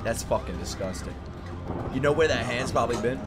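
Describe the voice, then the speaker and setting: Excitable man reacting with lots of laughs. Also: medium pitch, brisk, over loud music. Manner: excitable, laughing often, heavy swearing. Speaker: reaction channel host. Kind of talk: casual reaction commentary.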